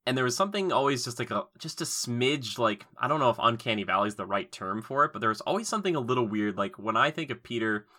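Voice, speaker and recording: A man co-hosting a casual chat about video games, animated and full of fillers, acting out little quoted voices. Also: mid-range voice, fast talker, few pauses. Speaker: podcast co-host. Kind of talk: casual game discussion.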